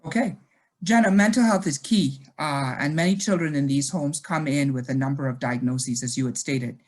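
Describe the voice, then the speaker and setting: A moderator posing questions to panelists in a polite, brisk way. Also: mid-range voice.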